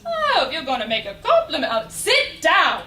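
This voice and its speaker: A woman reciting as a brash cockney flower girl, loud and defiant, recorded from a distance in an echoey room. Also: sits high, huge pitch swings, normal speed, a little hiss or hum, pitched above the performer's own voice, exaggerated voice. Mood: indignant. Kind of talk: recitation in a speech competition.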